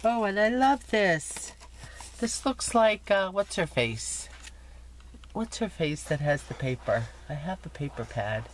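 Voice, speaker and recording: A woman's voice: lowish voice, animated, a little slow, slight background noise. A woman vlogger chatting casually as she shows crafting mail, gushing and teasing herself while getting over an illness. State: recovering from illness, coughing. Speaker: scrapbooking vlogger. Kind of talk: casual chat showing mail.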